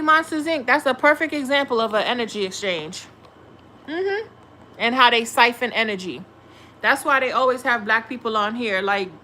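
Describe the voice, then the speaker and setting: On a tarot livestream, a young woman with a bright, forceful voice on the high side talks bluntly and casually to viewers. She curses freely and answers back to chat, with a little background noise behind her.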